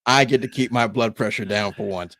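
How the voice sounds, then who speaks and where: A man's voice: on the low side, a little fast, a bit bright, no echo. A man co-hosting a podcast in casual chat, speaking emphatically and repeating his points with indignation. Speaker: podcast co-host.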